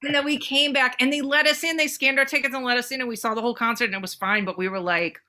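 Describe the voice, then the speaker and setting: A woman co-hosting a podcast, telling a story in casual chat, animated and swearing freely, acting out the people in it. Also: high-pitched, fast talker. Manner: animated, swearing, acts out voices in anecdotes. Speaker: podcast co-host.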